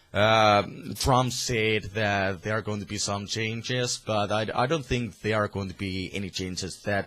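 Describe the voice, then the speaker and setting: A man's voice: mid-range voice, a bit bright. A man from Finland with a Finnish accent, delivering a heated, profane political rant to camera with many restarts. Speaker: vlogger.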